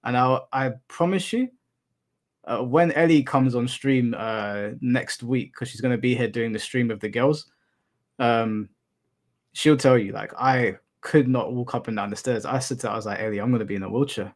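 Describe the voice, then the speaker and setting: A man's voice: medium pitch, moderate pace. A young adult man hosting a live stream, chatting casually with viewers and telling rambling anecdotes with casual swearing.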